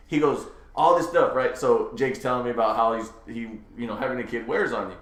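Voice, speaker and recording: A male podcast host tells a story in relaxed chat. He is animated and breaks into laughter often. His voice sits at an ordinary middle pitch, and the room behind him rings with echo. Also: fast, few pauses.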